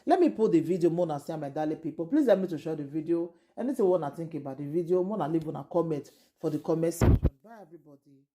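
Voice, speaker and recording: A woman's voice: deep voice, animated, very fast, hardly any pauses, dark tone. Exclamatory Nigerian woman vlogger. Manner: exclamatory, mixes English with Nigerian Pidgin. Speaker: YouTube gossip vlogger. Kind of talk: animated gossip commentary.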